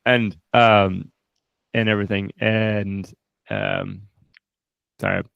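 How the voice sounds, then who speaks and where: Low gravelly man, dry close sound. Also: level tone, slow, no room sound, highs cut off. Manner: reflective, restarts sentences often. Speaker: co-host, film reviewer. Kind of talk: casual film discussion.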